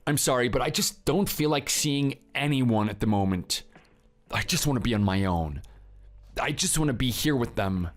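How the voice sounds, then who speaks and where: A man's voice: medium pitch, expressive, moderate pace, lightly acted. A man playing a cold, defensive husband. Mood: withdrawn. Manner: curt, defensive and withdrawn. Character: grieving, cold husband Theo. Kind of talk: scripted drama voice acting.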